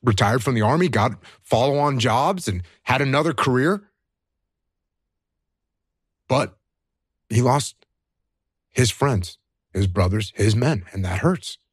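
A man's voice: mid-range voice, animated, slow pace, pauses often, slightly rough, dry recording, clean studio sound. A man, a veteran who has lost friends, talking earnestly to other veterans about emotions. He asks himself questions, answers them, and repeats his key points. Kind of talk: earnest conversational advice.

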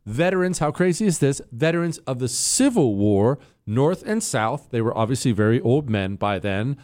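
Animated male talk radio host. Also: normal speed. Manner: animated, swings high when incredulous. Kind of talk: casual talk radio monologue.

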